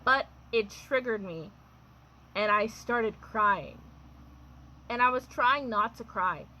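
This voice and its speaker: A woman's voice: on the high side, slow pace, sharp tone, slight background noise, low-quality recording. A young adult woman telling a personal storytime in a chatty, wry way, full of fillers and laughs. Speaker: vlogger. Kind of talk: casual storytime.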